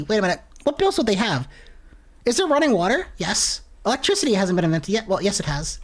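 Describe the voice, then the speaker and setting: A woman streaming a horror game, ranting and swearing with sudden shouts. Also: medium pitch, big pitch swings, brisk, husky. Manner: profane, exasperated rants with sudden shouts. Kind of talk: casual gameplay commentary.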